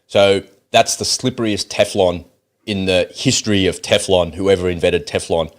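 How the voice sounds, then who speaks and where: A man's voice: low-pitched, steady tone, normal speed. A man with an Australian accent giving blunt, sarcastic, profane commentary on a video clip. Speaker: political commentator.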